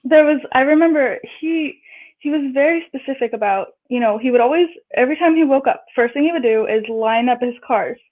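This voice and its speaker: A woman's voice: sits high, a little fast. A woman guest telling a personal story in casual chat, acting out what people said in raised voices. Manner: chatty, acts out quotes in raised voices. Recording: tinny phone-line audio.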